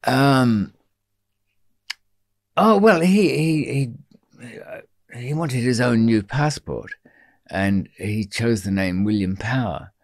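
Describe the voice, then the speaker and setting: An older man telling stories as a guest in a studio interview, dry and wry, with frequent pauses and restarts. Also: medium pitch, lively intonation, no room sound. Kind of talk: storytelling in a long-form interview.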